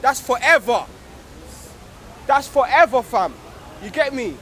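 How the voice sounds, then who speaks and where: A man's voice: very high-pitched, expressive, unhurried, a faint crowd, slight background noise. A young man speaking casually outdoors on a street, full of slang and frequent "you get me". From England. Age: young adult. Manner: slangy, repeats "you get me", grows fervent and loud. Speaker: organiser of a street discussion circle.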